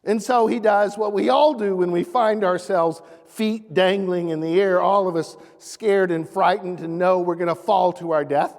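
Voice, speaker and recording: A man preaching a sermon as pastor in a church sanctuary, earnest, rising animatedly and dropping soft. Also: high-pitched, steady tone, moderate pace, few pauses. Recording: echoey church hall.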